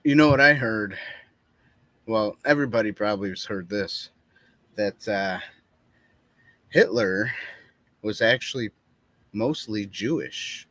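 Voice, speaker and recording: A man's voice: lowish voice, lively intonation, a bit bright, no echo. Guy cohosting a live stream, reads comments, trips on words, dry mic. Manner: halting, stumbles over names, reads comments aloud. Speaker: podcast co-host. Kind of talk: casual live-stream chat.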